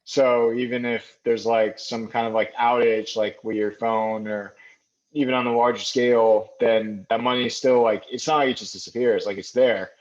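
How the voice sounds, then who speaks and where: A man's voice: mid-range voice, flat delivery, normal speed. A man speaking as a podcast guest in casual conversation, hesitant, with many fillers and restarts, heard over a remote call. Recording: muffled remote audio.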